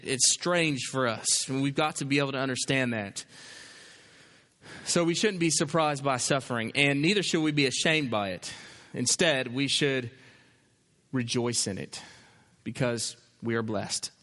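A man's voice: mid-range voice, measured pace, bright, forceful tone, in a large hall. A male pastor preaching a sermon, emphatic, with repeated phrases and rhetorical questions.

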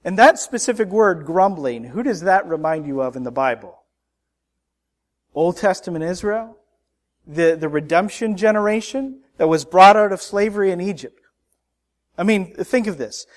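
A man's voice: high voice, lively intonation, moderate pace. A middle-aged male pastor preaching a sermon, building emphasis and often repeating words as he speaks.

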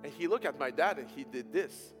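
High-pitched animated preacher guy telling a story in a big hall, loud then hushed. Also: fairly quick. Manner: animated, emphatic, swings loud and soft. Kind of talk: storytelling sermon. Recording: hall reverb with faint music behind.

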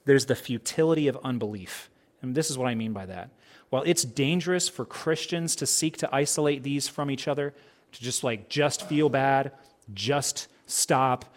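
A man preaching a sermon as a pastor in a casual, conversational way, asking many rhetorical questions and acting out bits of dialogue. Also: mid-range voice. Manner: conversational, acts out quoted dialogue.

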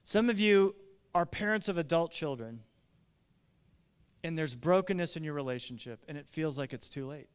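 A man's voice: fairly high pitch, moderate pace, pauses often, smooth. Earnest man preaching in a reverberant hall. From American Midwest. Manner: earnest, confessional, animated storytelling. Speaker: pastor. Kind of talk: sermon.

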